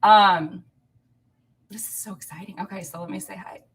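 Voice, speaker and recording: Speaking at normal speed in a voice on the low side, a thirties-aged woman from Illinois hosts a casual live stream in someone's place. She talks loosely to viewers with plenty of laughs, sounding a little far from the microphone.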